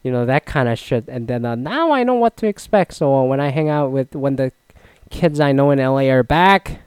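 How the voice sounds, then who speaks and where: A young man casually recounting a solo trip, rambling and swearing, with loud mock-outraged outbursts. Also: medium pitch, lively intonation, normal speed, clear, resonant tone, no echo. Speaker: vlogger recapping a solo trip. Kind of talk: casual profane storytelling.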